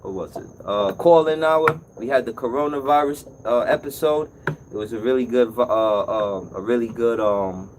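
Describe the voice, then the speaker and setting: A man hosting a casual live-stream call-in show as an appliance repair technician, telling stories in an animated way. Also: mid-range voice, normal speed, background noise. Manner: animated storytelling, acts out customer's voice.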